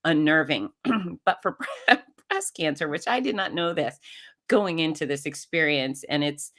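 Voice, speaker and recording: A middle-aged woman, a podcast guest, telling a personal story in conversation and acting out the voices she quotes. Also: deep voice. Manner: animated, acts out quoted voices.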